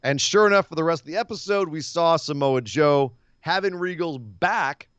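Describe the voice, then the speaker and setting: A man co-hosting a casual wrestling podcast, telling stories in an animated way and acting out quotes. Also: on the high side, moderate pace, smooth, no echo, lo-fi sound. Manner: animated storyteller, acts out quotes. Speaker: podcast co-host. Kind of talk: casual wrestling recap chat.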